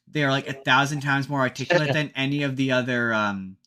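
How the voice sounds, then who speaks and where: A man's voice: medium pitch, brisk, bright, forceful tone. A man co-hosting a podcast, retelling a movie in casual chat, rambling and restarting often. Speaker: podcast co-host.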